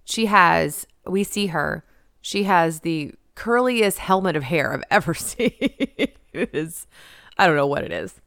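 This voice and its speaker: A woman's voice: on the low side, expressive, unhurried, vocal fry, a bit bright, no room sound, studio quality. A woman co-hosting a podcast in casual chat, wry and sarcastic, often laughing. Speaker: podcast co-host.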